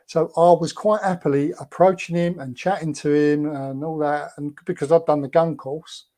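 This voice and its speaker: A man's voice: a little high, steady tone, moderate pace, dark tone. A man telling anecdotes as a guest, chatty and rambling with lots of fillers. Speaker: guest, former film extra.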